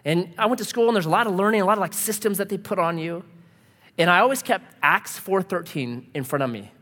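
A man's voice: sits high, a little fast, pushed and bright. A man preaching a sermon, telling a personal story and acting out the dialogue with laughs. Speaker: pastor. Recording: long hall reverb.

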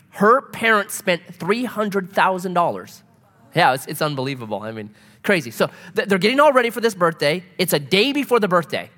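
Animated preacher man, lively pitch. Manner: animated storytelling preacher, swinging loud to soft. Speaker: pastor. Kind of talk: sermon. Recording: long hall reverb.

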